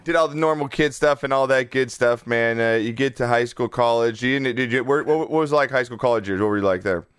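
A man's voice: medium pitch, a little fast, hardly any pauses, clear, resonant tone. A man hosts a casual livestream interview in a loose, easygoing way. He laughs a lot and swears freely while reading viewers' questions aloud. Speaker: podcast host reading chat questions.

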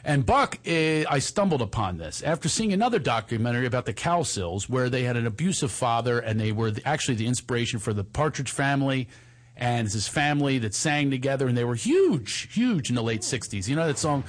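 A man's voice: medium pitch, very animated, a little fast. A middle-aged man with a Philadelphia accent, chatting on a talk show and telling a story with lots of restarts. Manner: chatty storyteller, restarts a lot, puts on a soft cowboy drawl for quotes. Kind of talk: casual chat.

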